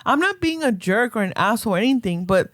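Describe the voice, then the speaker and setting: A woman's voice: a little high, lively intonation, quick pace, a bit bright, no room sound, clean studio sound. A woman with a Chicano English accent, speaking bluntly in casual chat and mixing Spanish and English. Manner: blunt, code-switches, laughs often.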